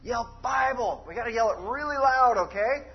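A woman's voice: on the high side, animated, moderate pace, very noisy. A woman leading children in a church sing-along and chat, upbeat and encouraging, coaxing the kids by name. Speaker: children's worship leader. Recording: dull lo-fi sound under loud guitar music. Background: guitar music.

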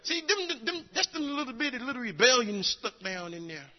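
Older man preaching, high lively voice, folksy storyteller, muffled echoey church recording. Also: fairly quick. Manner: folksy storytelling with acted quotes, rising to shouts. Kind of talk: sermon.

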